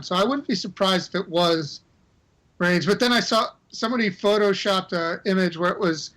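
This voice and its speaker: Male podcast co-host, high and bright voice, hesitant and stammering, casual. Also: low-quality recording. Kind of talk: casual chat about wrestling.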